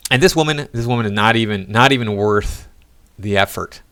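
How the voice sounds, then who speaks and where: A man's voice: fairly low pitch, fast talker, fairly bright tone, dry recording. A man giving sarcastic, mocking commentary on video clips. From United States. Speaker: reaction commentator. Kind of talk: critical commentary over clips.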